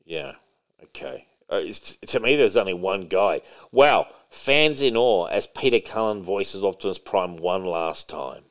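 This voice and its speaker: A man's voice: deep voice, expressive, unhurried. A man co-hosting a casual podcast about comics and movies, rambling and emphatic, swearing now and then. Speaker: podcast co-host.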